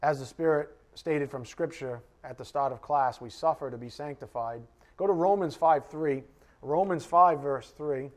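Emphatic male preacher, fairly high voice. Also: normal speed. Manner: emphatic and direct, addressing the congregation. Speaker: preacher teaching a Bible class. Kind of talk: conversational sermon.

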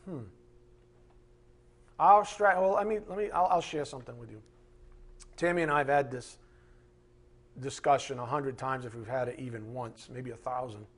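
Husky emphatic preacher man. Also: medium pitch, normal speed, long pauses. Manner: emphatic, rhetorical questions, swings from loud to hushed. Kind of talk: sermon.

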